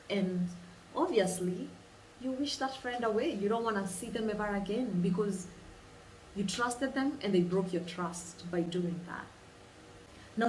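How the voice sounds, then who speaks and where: A woman leading a guided imagination exercise, telling it in an animated way and repeating phrases for emphasis. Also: mid-range voice, a little hiss or hum. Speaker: vlogger. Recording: roomy sound, distant mic, faint ambience.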